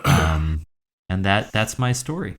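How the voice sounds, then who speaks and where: A man's voice: low voice, sing-song, slow pace, fairly bright tone. A man co-hosting a comedy podcast, telling a long story in a rambling, casual way. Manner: rambling, filler-heavy storytelling. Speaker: podcast co-host.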